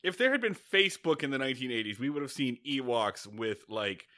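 This podcast co-host is a man with a medium-pitched, animated voice, brisk in pace and sharp in tone. He chats loosely and humorously about films, dropping the odd swear word and laughing along the way.

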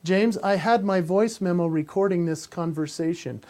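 A man co-hosting a podcast, telling a personal story in a lively way and slowing down for reflective points. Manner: animated, acts out quoted voices and drops low and slow for reflective points. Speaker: podcast co-host and coach. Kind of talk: conversational storytelling.

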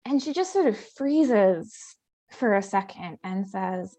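A woman in her twenties telling a personal story in a lively, expressive, self-mocking way. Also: mid-range voice, slow, soft background music.

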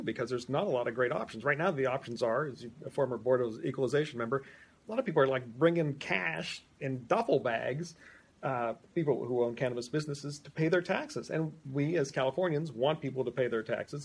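A man's voice: mid-range voice, quick pace, slightly rough. A male interviewer asking questions in a loose, conversational way, joking at times and restarting his sentences.

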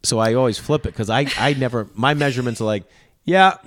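A man chatting casually as host, telling animated stories and acting out both sides of the conversations. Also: medium pitch, fairly quick, a little hiss or hum. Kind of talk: casual chat.

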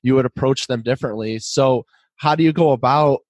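Male interviewer, mid-pitched, measured questions, dry close sound. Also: dry recording. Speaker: host.

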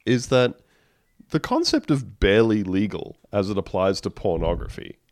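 A man's voice: fairly low pitch, very animated, moderate pace, darkish tone, dry recording, studio quality. A man co-hosting a casual comedic podcast, reading news aloud wryly and laughing mid-sentence. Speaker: podcast co-host.

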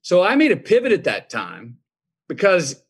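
Husky man telling a folksy story. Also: sits high, wildly swooping pitch, moderate pace. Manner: folksy, reflective, acts out quoted dialogue. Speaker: guest. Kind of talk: conversational storytelling.

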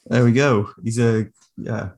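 A man co-hosting a comedy podcast with dry, deadpan banter. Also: medium pitch, a little slow. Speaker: podcast co-host.

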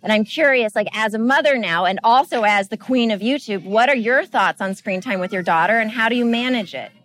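A woman interviewer with a fairly high voice. She asks her guest friendly questions and mixes in her own relatable stories about parenting. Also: a little fast, fairly bright tone, no echo. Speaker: co-host interviewer.

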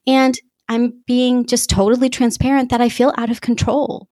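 A woman's voice: fairly high pitch, level tone, normal speed, darkish tone, dry recording, clean studio sound. A woman life coach in her thirties, talking openly and confessionally on her solo podcast and repeating herself for emphasis. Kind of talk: candid solo podcast talk.

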